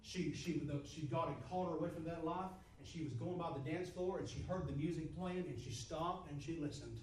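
A man's voice: fairly high pitch, brisk, roomy sound, far from the mic, slight background noise, rough recording. A man preaching a sermon, emphatic and repetitive, his voice swelling and dropping. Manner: repetitive, emphatic, rises and drops in volume.

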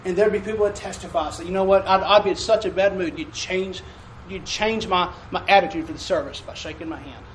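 Folksy preacher in an echoey church. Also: male voice, sits high, fairly even intonation, fairly quick, slight background noise. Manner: folksy call-and-response preaching with asides. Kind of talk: sermon. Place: church sanctuary. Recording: echoey room from a distant mic.

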